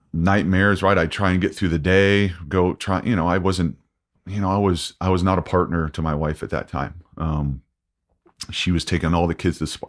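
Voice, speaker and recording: A man in his forties, a podcast guest, talking candidly and haltingly with many restarts and fillers. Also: deep voice. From United States. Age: 40s. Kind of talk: candid interview.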